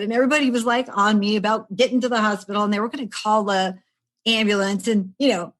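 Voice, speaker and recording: A woman's voice: medium pitch, fast. A woman in her sixties, a stress management coach, telling her own story in a casual podcast chat and acting out the voices of the people in it. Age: 60s. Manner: animated storyteller who acts out quoted voices with laughs.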